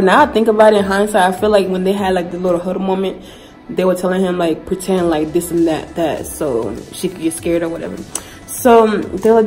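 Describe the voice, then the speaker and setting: A woman's voice: mid-range voice, normal speed, soft background music, poor audio. Chatty young woman telling a story. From Ghana. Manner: chatty, animated retelling full of "like" and slang. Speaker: vlogger. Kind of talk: casual storytime vlog.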